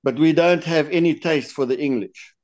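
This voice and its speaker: A man's voice: fairly high pitch, normal speed, a little mellow. A man with a South African accent, a lure designer talking as a guest on a podcast interview, chatty and often repeating words as he searches for them.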